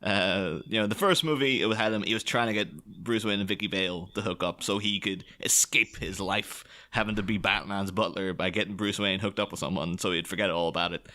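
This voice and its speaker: Low, forceful man chatting about films. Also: fairly even intonation, brisk, hardly any pauses. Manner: rambling, laughs often, mimics characters. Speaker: podcast co-host. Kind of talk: casual film discussion.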